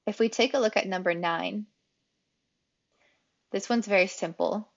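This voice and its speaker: A woman English teacher explaining grammar rules in a clear, explanatory way, repeating key phrases for emphasis. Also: mid-range voice, measured pace, highs cut off. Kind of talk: grammar lesson.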